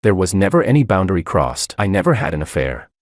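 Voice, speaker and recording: Indignant young wife in a story voiced by a deep-voiced male narrator, animated pitch. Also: fast, no echo, studio quality. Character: upset young wife, defensive.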